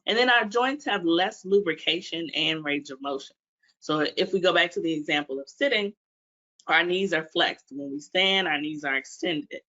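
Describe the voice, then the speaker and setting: Woman presenter, bright crisp tone, quizzing listeners, dull lo-fi webinar sound. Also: fairly low pitch, moderate pace. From Washington, D.C. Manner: quizzing the audience with questions. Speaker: physical therapist guest.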